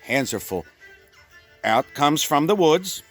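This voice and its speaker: A man from Pennsylvania telling a rambling comic story, full of stumbling restarts and deadpan exaggeration. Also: a little high, takes it slowly, faint music behind. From Pennsylvania, USA. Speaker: comedian.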